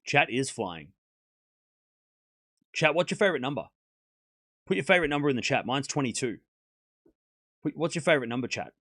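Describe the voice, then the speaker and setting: A man streaming live tennis commentary, calling the points with excitement and chatting and teasing his viewers in between. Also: medium pitch, fairly quick, pauses often, no room sound, studio quality. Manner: excited call-outs of play, then chatty asides to chat; teasing, mock-comforting viewers.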